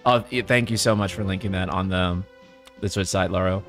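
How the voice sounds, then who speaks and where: A man's voice: sits low, fairly quick, soft background music. Chatty male game streamer. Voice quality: relaxed, chatty with fillers and jokey asides. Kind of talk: casual game-stream commentary.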